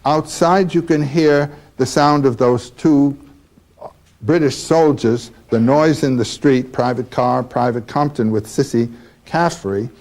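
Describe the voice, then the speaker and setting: A man lecturing on a novel, talking slowly and haltingly with many fillers. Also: medium pitch, darkish tone. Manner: slow and halting with frequent fillers. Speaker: literature lecturer.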